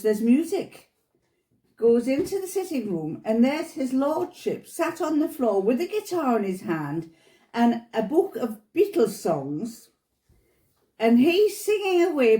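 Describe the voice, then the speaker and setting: A woman in her seventies chats at home, telling stories with a lively, swooping voice. Her tone is soft and mellow, and she laughs often. The room around her is echoey. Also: a little high. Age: 70s. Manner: chatty storyteller, laughs often. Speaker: vlogger. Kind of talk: casual chat.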